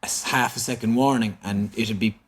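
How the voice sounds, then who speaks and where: A man in his thirties with a Cork Irish accent, telling a personal story openly as a podcast guest, halting and full of fillers. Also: fairly low pitch, steady tone, slight background noise. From Ireland. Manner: open, halting, repeats himself with many fillers. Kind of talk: candid storytelling. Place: indoor room in San Francisco.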